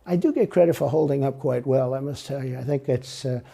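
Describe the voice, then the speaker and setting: Man in an interview, gravelly raspy voice, kinda dark and mellow, goes on and on repeating himself. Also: mid-range voice, a little fast. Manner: rambling, repetitive, emphatic. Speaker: interview guest. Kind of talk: political interview answers.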